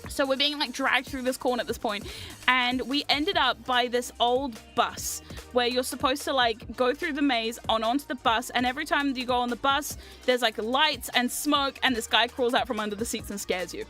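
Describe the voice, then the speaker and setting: A young woman with a high, bright voice chats on her livestream, telling a story in a rambling, excitable rush. She swears freely and laughs often. Soft music plays underneath. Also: moderate pace. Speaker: livestream host. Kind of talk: casual storytelling chat.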